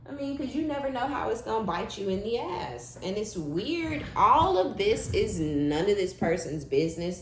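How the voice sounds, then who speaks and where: Low-voiced blunt woman reading tarot. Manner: blunt, profane, laughing asides, slangy. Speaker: tarot reader. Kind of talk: casual tarot reading monologue. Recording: echoey room with faint background hum.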